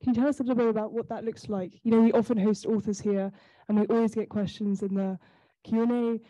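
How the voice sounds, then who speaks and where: A woman moderates a public panel and asks her guests questions with eager curiosity. Her voice is very warm and dark. The sound is close and dry. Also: a little high, fairly even intonation, fast, dry recording, low-quality recording. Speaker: event host.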